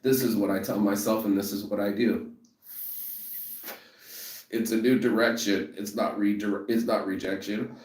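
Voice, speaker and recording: A man in a profane motivational rant about rejection, emphatic and repetitive, who says he is walking toward a train station. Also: lowish voice. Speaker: vlogger. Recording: echoey, from a distance.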